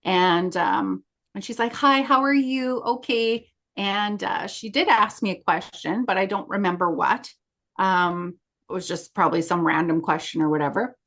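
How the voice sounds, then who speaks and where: A woman's voice: on the low side, normal speed, fairly bright tone. A middle-aged woman co-hosting a podcast, telling a story in casual chat and acting out the quoted lines of others. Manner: chatty, acts out quoted dialogue. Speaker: podcast co-host.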